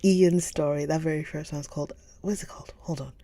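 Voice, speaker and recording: A woman hosting a live book stream, chatting casually with viewers, gushing and often slipping into a soft whisper. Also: low voice, steady tone, a little fast, no echo. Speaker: livestream book reader host.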